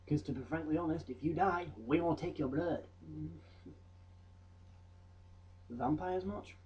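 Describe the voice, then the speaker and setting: A man's voice: a little high, slow, long pauses, highs cut off. A young man presenting trivia in a rambling, jokey vlog with mock-voice asides. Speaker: vlogger. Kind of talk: comedic fact vlog.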